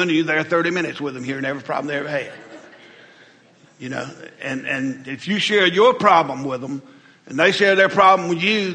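A man's voice: fairly high pitch, bright, forceful tone. A middle-aged man, preaching a conversational, folksy sermon as pastor, often repeating words as he goes. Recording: hall reverb.

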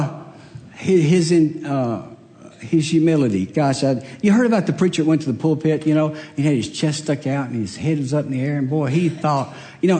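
Animated older preacher in a reverberant hall. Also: male voice, fairly high pitch. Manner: conversational storytelling with self-deprecating humor. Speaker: pastor. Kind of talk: sermon. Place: church sanctuary.

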